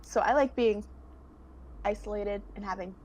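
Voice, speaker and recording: Chatty young woman, keeps giggling, mid pitch voice, a little background hum. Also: a little mellow. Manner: giggly, chatty, quick to laugh. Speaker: guest. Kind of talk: casual chat.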